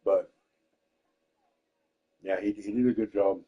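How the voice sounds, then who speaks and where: A man's voice: lowish voice, slow pace, muffled recording. A young man chatting casually and candidly, swearing often and acting out what people said to him. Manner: candid and profane, quotes people in lively voices. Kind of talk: casual storytelling chat.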